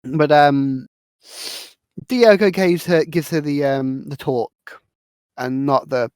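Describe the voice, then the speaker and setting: A young British man with a slightly high voice talks through a film scene by scene on a casual podcast, rambling and padding with fillers. The sound is dry and close. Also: takes it slowly, darkish tone, clear, resonant tone, no echo. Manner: rambling movie recap, filler-heavy, laughs often. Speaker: podcast host.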